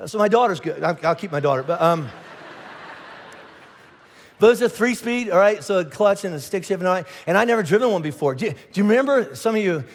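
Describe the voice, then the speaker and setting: Middle-aged man, pastor, high voice, storytelling sermon in a reverberant auditorium. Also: fast. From Indiana. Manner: animated storytelling with lots of restarts and acted asides. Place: large church auditorium. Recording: long hall reverb.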